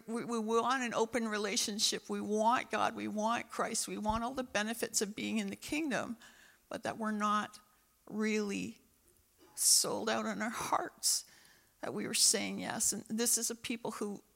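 A woman's voice: mid-range voice, fairly even intonation, unhurried, gravelly, a bit bright. A woman pastor preaching a sermon and praying, impassioned and repeating phrases for emphasis. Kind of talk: sermon with prayer.

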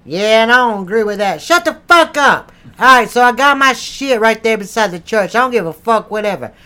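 A man's voice: high voice, expressive, a little fast, bright, forceful tone, smooth. A man voicing a crude, foul-mouthed southern preacher with a Southern US accent, brash and defensive in an improvised comedy bit.

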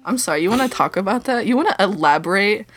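A woman's voice: medium pitch, lively intonation, fast talker, fairly bright tone, no room sound, faint music behind. A young woman in her twenties co-hosting a casual podcast, telling a long rambling story full of swearing and dry sarcasm. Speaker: podcast co-host. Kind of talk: casual chat.

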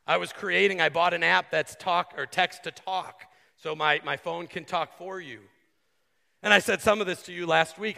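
Man, preaching, bright forceful tone, earnest conversational sermon, echoing sanctuary. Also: sits high, gravelly. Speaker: pastor. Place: church sanctuary. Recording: long hall reverb.

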